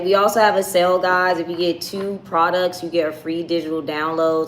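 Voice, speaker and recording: A woman with a low voice runs a live tarot stream, chatting with her viewers in a casual, blunt way. Her voice rings a little in an echoey room, with faint ambient noise underneath. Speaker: tarot reader.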